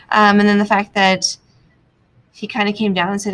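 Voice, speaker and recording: A woman's voice: medium pitch, little pitch movement, measured pace, slight background noise, low-quality recording. Woman thinking aloud over a reading. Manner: thinking aloud, many ums. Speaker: teacher.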